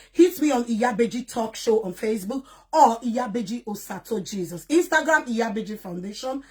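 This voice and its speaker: Woman host, high husky voice, emphatic sermon-style advice to followers. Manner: emphatic, repetitive, sermon-like exhortation. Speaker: talk show host and event MC. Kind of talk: preachy moral monologue to followers.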